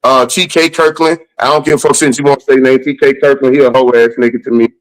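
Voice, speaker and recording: A man's voice: mid-range voice, fairly even intonation, fast talker, low-quality recording. A comedian guest on a podcast, a man telling blunt, profane stories in casual chat.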